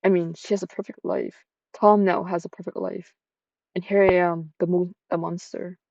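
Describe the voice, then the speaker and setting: Woman voicing heartbroken cursed girl, tearful, low and mellow, dull lo-fi sound. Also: level tone, moderate pace, no room sound. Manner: tearful, self-pitying confession. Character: heartbroken cursed young woman, guilt-ridden and lonely.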